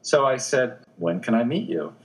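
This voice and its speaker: A man who is a newspaper obituary editor, a guest in an interview, telling anecdotes in an animated way with frequent restarts. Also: medium pitch, normal speed, rough recording.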